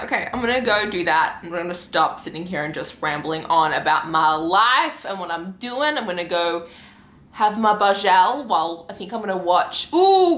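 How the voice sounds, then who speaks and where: A woman's voice: fairly low pitch, fairly bright tone. A young woman in her twenties chatting casually in a vlog, rambling with lots of fillers and giggles. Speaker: book vlogger. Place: home room and outdoors on a lunch break. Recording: echoey room.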